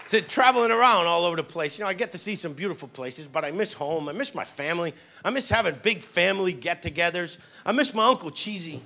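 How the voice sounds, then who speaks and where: A middle-aged stand-up comedian with a Boston accent works the crowd with wry asides. His voice is bright and gravelly, with a lively, high pitch. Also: fast.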